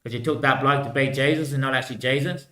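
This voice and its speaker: In an echoey room, a male vlogger talks in a mid-range voice, steady in tone, quick, pushed and bright. His solo monologue drifts loosely, repeating itself, full of "mate," "bloody hell" and frequent laughs.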